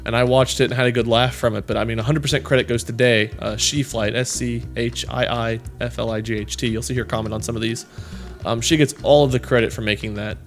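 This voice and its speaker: A man's voice: mid-range voice, fairly even intonation, fast, soft background music. A man reading viewer comments aloud and chatting casually, in a rambling, self-deprecating way with many fillers. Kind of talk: casual chat.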